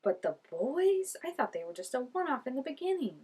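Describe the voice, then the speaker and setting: A woman's voice: high voice, big pitch swings, fairly quick, darkish tone, slightly rough. A young woman reacting to a TV episode in casual commentary, chatty and gushing, laughing often and saying "like" a lot. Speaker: TV reaction vlogger.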